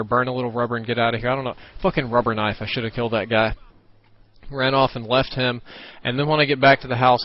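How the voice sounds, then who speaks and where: Rambling, swearing young gaming commentator. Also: male voice, mid-range voice. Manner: rambling, swearing, self-correcting. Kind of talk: casual storytelling over gameplay. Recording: dull lo-fi recording.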